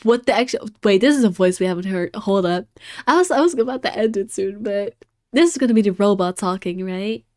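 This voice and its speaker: A woman streamer giving casual, excitable gameplay commentary, swearing and laughing often. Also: mid-range voice, a little fast.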